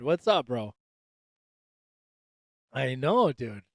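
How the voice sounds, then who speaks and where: A man's voice: high-pitched, animated, measured pace, long pauses, clean tone, no echo. A man hosting a casual livestream chat, joking loosely and swearing, calling everyone dude and bro. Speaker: livestream host. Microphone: desk microphone.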